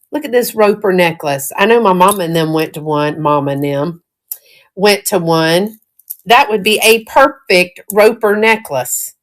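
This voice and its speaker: A middle-aged woman with a Southern US accent, chatting casually and folksily while showing thrifted jewelry, often breaking into giggles. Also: mid-range voice. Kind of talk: casual live-stream chat.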